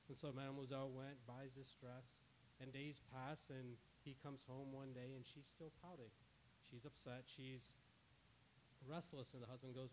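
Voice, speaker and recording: A man's voice: mid-range voice, moderate pace, slight background noise. A man preaching a sermon as a pastor, retelling a story dramatically with quoted dialogue. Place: church.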